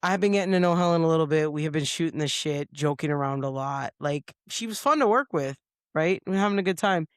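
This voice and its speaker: Lively woman telling a story in a podcast studio. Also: low-pitched, a little fast, no room sound. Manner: lively storyteller who acts out quoted lines. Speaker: podcast co-host. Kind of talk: casual storytelling chat.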